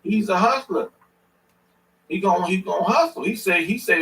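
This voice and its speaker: A man's voice: sits high, expressive, normal speed, fairly bright tone, distant mic, a little hiss or hum, low-quality recording. A man hosting a stream, giving blunt, slangy reaction commentary and repeating himself for emphasis. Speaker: stream host reacting to a clip.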